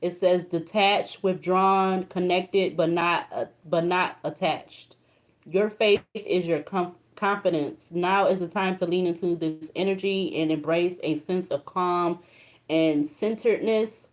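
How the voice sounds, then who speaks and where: Casting: young woman, lowish voice, casual tarot reader, emotional and colloquial. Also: steady tone, measured pace. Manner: reads card texts aloud, emotional, colloquial.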